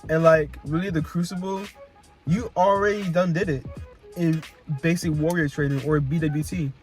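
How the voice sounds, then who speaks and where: A man's voice: on the high side, steady tone, moderate pace, soft background music. A young man telling casual, slang-filled stories to camera, often repeating himself and laughing as he talks. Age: young adult. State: emotional, close to tears. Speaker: vlogger recounting Marine boot camp. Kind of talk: casual chat.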